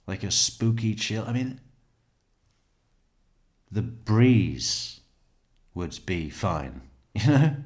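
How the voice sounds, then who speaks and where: Male true crime commentator, low voice, unhurried, scoffs and chuckles at the text. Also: big pitch swings, darkish tone. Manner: mocking, laughs at what he reads. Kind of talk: casual commentary reading a book aloud.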